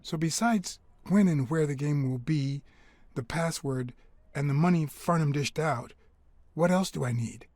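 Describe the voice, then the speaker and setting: Brief: a noir cat detective, husky voice, close and dry, mid pitch. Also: male voice, measured pace, darkish tone, dry recording. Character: world-weary male cat private detective.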